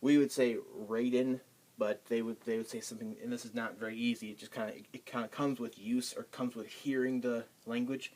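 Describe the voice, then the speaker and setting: A man giving a casual pronunciation lesson, halting with many ums and restarts. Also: medium pitch, level tone, darkish tone. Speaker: language tutor.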